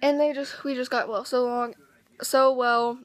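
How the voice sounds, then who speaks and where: A teenage girl with a hoarse, worn-out voice, excitedly telling a rambling story in a casual vlog. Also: high-pitched, a little slow, dry recording. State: hoarse, lost voice. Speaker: vlogger.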